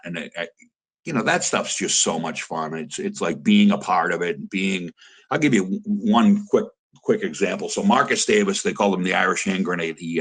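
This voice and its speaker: A middle-aged man with a very low voice and a husky grain tells stories from his years in fight corners. His talk is casual and rambling, full of restarts as he gathers his thoughts. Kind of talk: casual interview storytelling.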